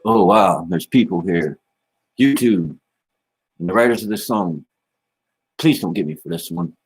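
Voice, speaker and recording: A man with a lowish voice chats casually to viewers on a livestream. He rambles in a relaxed, easygoing way, dropping "man" and "you know" often. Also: a little slow, a little hiss or hum. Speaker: livestream host.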